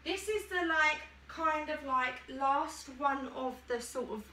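A woman's voice: sits high, slow pace, sharp tone, distant mic, a little hiss or hum. A woman chatting in a giggly, self-deprecating way while she tries on swimwear for her vlog. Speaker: YouTuber. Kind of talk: chatty try-on haul vlog. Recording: echoey room, voice from across the room.

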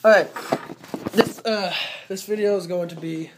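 A vlogger rambling casually at home and in the backyard, swearing constantly, with drawn-out fillers, filmed on a handheld camera. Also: medium pitch, steady tone, noisy background. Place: home and backyard, walking around.

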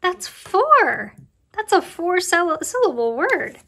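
A woman leads a preschool lesson in a high, bright voice. She speaks slowly and encouragingly, as if to small children. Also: big pitch swings, vocal fry. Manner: cheerful, slow and encouraging, talking to young children. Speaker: preschool circle time teacher.

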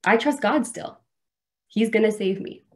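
A woman's voice: medium pitch, a little slow, natural voice. A woman voicing a stubborn, faithful man stranded in a flood, speaking casually and confidently within a sermon story.

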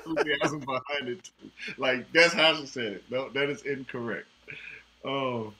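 A man's voice: medium pitch, fairly even intonation, unhurried, background noise. A man hosting a casual trivia night over a video call, teasing players and laughing often. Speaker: trivia host. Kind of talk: casual online game hosting. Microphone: video call mic.

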